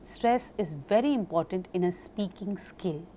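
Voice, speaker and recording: A woman giving a recorded lecture on speaking skills. She talks slowly and deliberately and spells words out letter by letter. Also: fairly low pitch, expressive, dark tone, a little hiss or hum.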